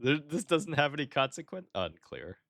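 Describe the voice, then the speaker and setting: A man co-hosting a podcast, chatting casually and reacting with quick agreement. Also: a little high, big pitch swings, vocal fry, fairly bright tone, dry recording, clean studio sound. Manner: reactive, frequent short agreements and laughter. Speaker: podcast co-host. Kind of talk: casual chat.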